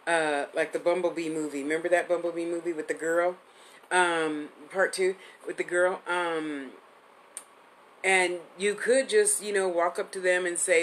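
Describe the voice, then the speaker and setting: A woman's voice: fairly low pitch, fairly even intonation, normal speed, a bit bright, a little hiss or hum, low-quality recording. A woman in her fifties giving a live-streamed psychic reading, chatty and affectionate, rambling with restarts. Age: 50s. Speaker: psychic medium host.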